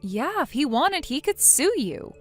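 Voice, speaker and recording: A woman's voice: high-pitched, big pitch swings, unhurried, faint music behind. A synthetic woman's voice playing a blunt young woman who lectures her friend sternly in a text-message story. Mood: scolding. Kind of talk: text-to-speech text story narration.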